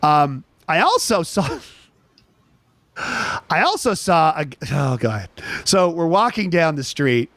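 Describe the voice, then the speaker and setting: Male host, animated anecdote teller, lively and up-pitched, dry close-mic. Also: slow pace, pauses often, no echo. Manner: animated storyteller, restarts often. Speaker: chat show host. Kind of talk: casual anecdote on a chat show.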